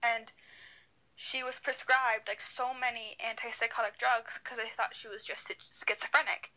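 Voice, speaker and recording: Young woman podcast co-host, bright and a bit high, chatty and rambling, on a video call. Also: steady tone, normal speed, rough recording. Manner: rambling, many fillers and restarts. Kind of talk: casual storytelling chat.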